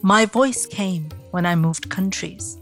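A middle-aged woman podcast host with an Indian accent mixing Mumbai, Kerala and East London, talking in a reflective, measured way. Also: mid-range voice, faint music behind. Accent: Indian, mix of Mumbai, Kerala and East London. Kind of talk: podcast interview and scripted narration.

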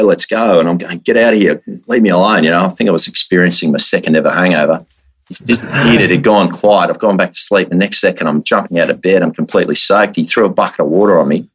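Man, Australian accent, very low voice, husky, casual storytelling guest. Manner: lively yarn-spinner, frequent restarts.

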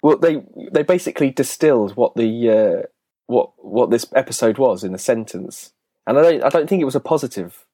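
Husky, wry English man. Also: medium pitch, animated, a little fast, warm tone, no echo. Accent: southern English. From Brighton, England. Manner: wry, dry humour, laughs along. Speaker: podcast co-host. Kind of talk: casual chat.

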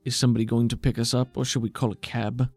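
A terse, guarded schemer in a tabletop game, voiced by a man at a middling pitch with a gravelly rasp. He is curt and matter-of-fact, with faint music underneath. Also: flat delivery, fast talker, a little mellow. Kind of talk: voicing a character in a tabletop game.

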